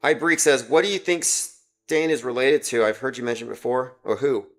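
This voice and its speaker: A man in a mid-pitched voice hosts a casual livestream, talking in a loose, rambling way with a sarcastic edge. He breaks off from his points to greet viewers and read their comments aloud. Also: moderate pace, a bit bright. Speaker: livestream host.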